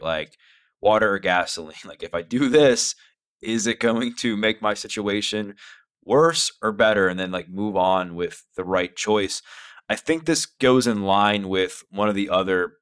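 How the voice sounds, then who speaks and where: Low smooth-voiced guy hosting a podcast, casual, lots of likes and ums. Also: fairly bright tone. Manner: casual, uses "like" and "um" often. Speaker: podcast host. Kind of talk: interview questions.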